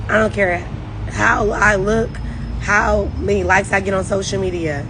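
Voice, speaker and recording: A woman's voice: mid-range voice, noisy background. A woman leading a network marketing team, giving a rambling, emphatic, faith-driven pep talk on a phone livestream.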